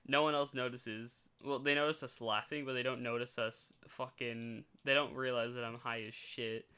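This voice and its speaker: A man's voice: mid-range voice, level tone, moderate pace, sharp tone, clear, resonant tone. A teenage man casually telling a rambling story as a podcast co-host, swearing freely and laughing often.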